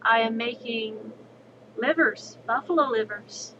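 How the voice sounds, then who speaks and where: A woman's voice: fairly high pitch, takes it slowly, lo-fi sound, noisy background. A woman voicing a tarantula's wife in a folk tale, polite but firm.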